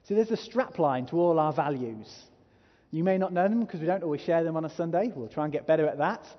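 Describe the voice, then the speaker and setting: A man's voice: on the high side, expressive, fast. A man preaching a sermon as a pastor, earnest and growing emphatic as he urges his listeners. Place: church hall. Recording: muffled hall reverb.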